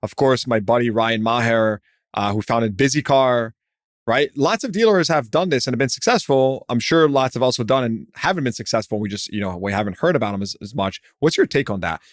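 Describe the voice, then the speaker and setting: A man's voice: mid-range voice, expressive, no echo. Podcast host guy, chatty, lots of fillers, mid voice, dry close mic. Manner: chatty, filler-heavy, quick asides. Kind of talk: casual interview talk.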